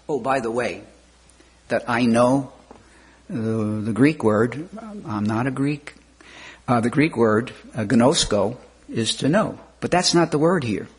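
Slow, husky-voiced man preaching. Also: mid-range voice. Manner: slow, measured delivery with rising emphatic questions. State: repeatedly clearing throat. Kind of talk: sermon.

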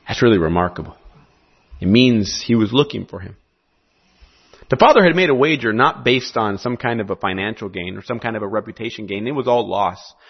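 A man preaching a sermon in an animated, conversational way with joking asides. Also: medium pitch, gravelly, slightly rough. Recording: dull lo-fi recording.

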